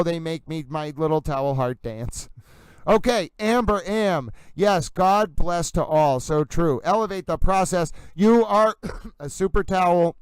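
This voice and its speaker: A man hosts a live stream, shouting out chat names with playful, theatrical flourishes. His voice is very smooth and clear, sitting a little high, and the sound is close and dry with no room around it. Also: no echo, poor audio. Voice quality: playful, theatrical, calls himself towel. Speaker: livestream host.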